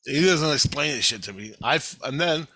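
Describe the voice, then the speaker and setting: Brief: excitable, foul-mouthed man vlogging, crisp forceful tone, dry close sound. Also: fairly high pitch, brisk, no echo. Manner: profane, rambling, excitable. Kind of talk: casual storytelling.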